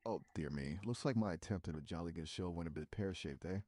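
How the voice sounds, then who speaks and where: A male AI voice putting on a jolly, posh English gentleman with a put-on English accent and plummy stock phrases. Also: deep voice, fast, crowd noise, pitched below the performer's own voice, natural voice.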